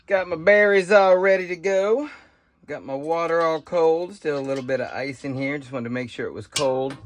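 A man's voice: fairly high pitch, moderate pace, no room sound. A man casually showing how he harvests and prepares berries, talking in a folksy, rambling way full of fillers and asides. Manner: rambling, folksy, thinks out loud with many fillers. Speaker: homesteading vlogger. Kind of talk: casual outdoor how-to vlog. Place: outdoors by trees, then a kitchen.

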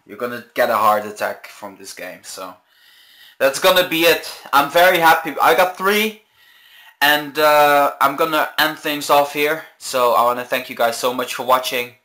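A young man hosting a gaming video, raging and yelling in frustration, slow and exasperated between outbursts of laughter. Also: mid-range voice, rough recording. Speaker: gaming channel host. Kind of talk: gaming commentary.

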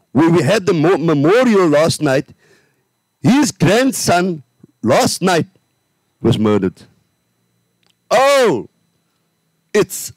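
A man's voice: sits high, no room sound. A man preaching a funeral sermon as pastor, with rising emphatic declarations and calls for the audience to respond. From South Africa. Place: outdoor cemetery funeral service.

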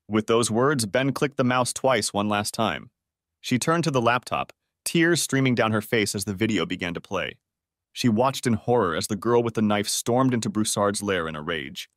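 A man's voice: fairly low pitch, moderate pace, dry recording, studio quality. A man reading a story audiobook aloud as the narrator. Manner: expressive storytelling. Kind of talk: scripted narration.

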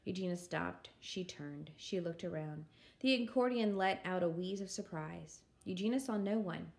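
A woman's voice: lowish voice, moderate pace, vocal fry, a little mellow. Woman reading a children's story aloud. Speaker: story reader.

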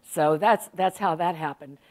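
A woman in her 60s from South Carolina, an author, speaks in a low, darkish voice, a little slowly. At a public library event, she tells funny stories to the audience in a chatty, self-mocking way.

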